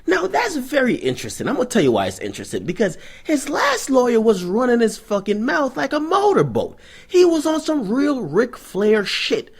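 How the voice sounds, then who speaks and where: A man's voice: very high voice, wildly swooping pitch, normal speed, gravelly, husky. A young adult man hosting a vlog, ranting through hip-hop news commentary in a profane, sarcastic, storytelling manner.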